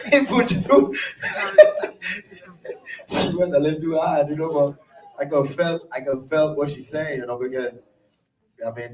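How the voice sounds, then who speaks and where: Virgin Islands man speaking from afar. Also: medium pitch. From Saint Croix, U.S. Virgin Islands. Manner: casual and heartfelt, laughing often, dialect grammar. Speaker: event emcee. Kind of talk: unscripted tribute speech. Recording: echoey room from far off.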